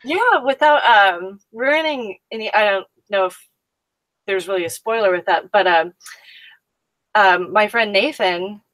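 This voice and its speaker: A woman's voice: mid-range voice, measured pace, a bit bright, no echo, poor audio. Actress lady chatting in an interview, laughs a lot, dry close sound. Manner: chatty, laughs often, acts out quotes. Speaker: actress guest. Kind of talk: casual interview chat.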